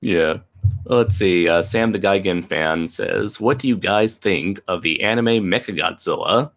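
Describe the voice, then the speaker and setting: Man, low voice, stream host, casual chat, laughs a lot. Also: unhurried, fairly bright tone. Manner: laughs often, reads out viewer comments.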